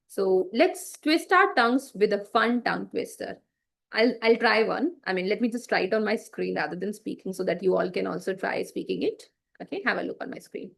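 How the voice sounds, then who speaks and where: A woman's voice: mid-range voice, moderate pace, gravelly. A woman teaching public speaking to children in an online class, encouraging and chatty, with many fillers and tongue twisters said aloud.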